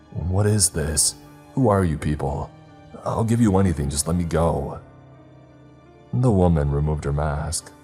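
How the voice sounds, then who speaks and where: A male narrator reads scripted first-person horror in a very low, mellow voice. His delivery is steady and measured, with faint music running underneath.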